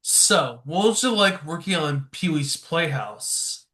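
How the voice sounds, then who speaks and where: A man's voice: fairly high pitch, lively intonation, slow, sharp tone. A man hosting a podcast, asking plain interview questions. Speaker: podcast host.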